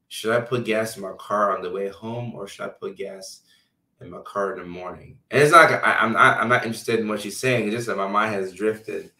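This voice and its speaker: Man, low voice, loose chatty host, live stream reading comments, roomy echo, distant mic. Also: bright, forceful tone. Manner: loose and chatty, lots of fillers. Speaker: health care provider hosting a live stream.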